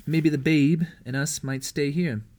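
A man's voice: on the high side, fairly even intonation, unhurried, darkish tone, voice pushed up, lightly acted. A man voicing a cheerful young mother.

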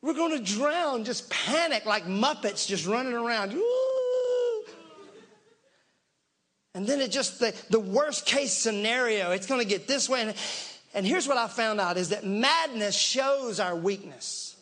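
High-voiced, bright, animated preacher man. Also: normal speed. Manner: animated, acts out panicked voices and shouts; talks to the congregation directly, laughs along. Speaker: pastor. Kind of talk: sermon.

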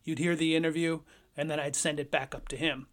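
A man hosting a podcast, telling a personal story in a lively, conversational way. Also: on the high side, brisk. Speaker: podcast host.

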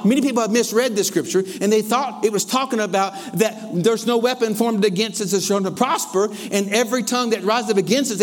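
A man with a high voice preaches with fire, pushing through fast runs and then stretching key phrases. He calls for amens and gets the congregation to answer back, in a church setting. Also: big-room sound. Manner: energetic, calls for amens and responses. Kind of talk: sermon.

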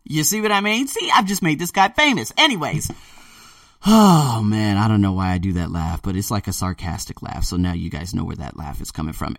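A young man hosting his own podcast alone, talking casually and animatedly, with loud excited bursts that drop to low murmurs. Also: brisk, vocal fry, no room sound, studio quality, recorded from a distance. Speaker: podcast host. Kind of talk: solo podcast monologue.

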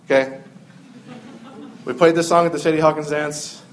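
A man's voice: fairly high pitch, fairly even intonation, moderate pace, echoey room, noisy background. Casual storytelling preacher, a man. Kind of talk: sermon.

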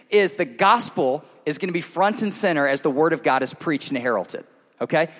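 Man preaching in a reverberant hall. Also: fairly high pitch. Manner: earnest and direct, swinging between loud emphatic passages and hushed intimate ones. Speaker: pastor. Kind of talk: sermon. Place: church service. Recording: long reverb of a large hall.

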